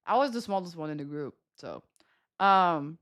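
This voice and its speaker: A young woman streamer chats to her viewers in a rambling, giggly way, full of fillers, with a slight lisp from her retainer. Her voice is fairly low and fairly bright, expressive, at a moderate pace.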